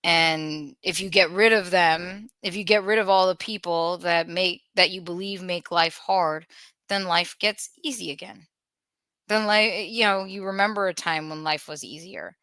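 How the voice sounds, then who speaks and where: A woman's voice: lowish voice, normal speed, sharp tone, no echo. A woman hosting a podcast in casual talk, earnest, with nervous laughs and frequent restarts. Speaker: podcast host.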